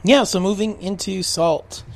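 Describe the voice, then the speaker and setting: A woman's voice: medium pitch, measured pace, loud music behind the voice. A woman co-hosting a podcast, talking in a laid-back, drawling way and laughing often. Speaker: podcast co-host. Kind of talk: casual chat.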